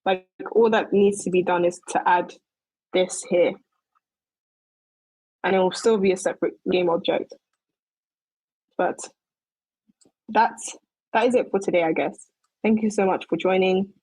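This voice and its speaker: A young woman talks through a 3D modeling tutorial in a relaxed way, thinking aloud as she works. Her voice has a slightly husky edge. She is recorded close and dry, with no room sound. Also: lowish voice, measured pace, pauses often, no room sound, poor audio. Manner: relaxed, thinks aloud while working, loose fillers. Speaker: 3D modeling presenter. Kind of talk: casual screen-recorded tutorial.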